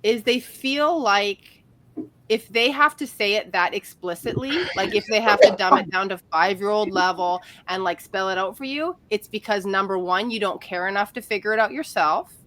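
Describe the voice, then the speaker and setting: Animated woman relationship coach. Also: medium pitch, moderate pace. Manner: candid, animated, laughs often. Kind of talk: casual podcast conversation.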